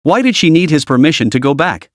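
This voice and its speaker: A man narrates a comic story recap in an even, steady reading. His voice sits a little high and the recording is dry and close. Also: quick pace, no room sound.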